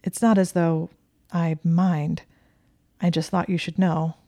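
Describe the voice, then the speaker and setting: A man's voice: fairly high pitch, flat delivery, slow, mellow, no echo, studio quality. A woman voicing a shy, earnest young male wizard who stammers awkwardly.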